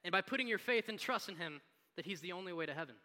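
Bright-voiced, conversational preacher. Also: male voice, high voice, racing. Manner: conversational, animated storytelling. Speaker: pastor. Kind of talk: sermon. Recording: long hall reverb.

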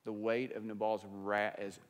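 A male pastor preaching a sermon, animated, with big swings between loud passages and quiet ones. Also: on the low side, a little slow, long reverb tail.

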